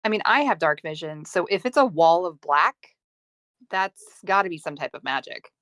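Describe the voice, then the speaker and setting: A woman's voice: on the low side, animated, moderate pace, a bit bright, dry recording, studio quality. A woman playing a tabletop game, arguing her reasoning casually with fillers. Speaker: player.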